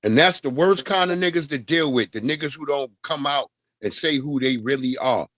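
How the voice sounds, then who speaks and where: Blunt, profane livestream host. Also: male voice, medium pitch, moderate pace, fairly bright tone, dry recording. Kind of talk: casual livestream chat.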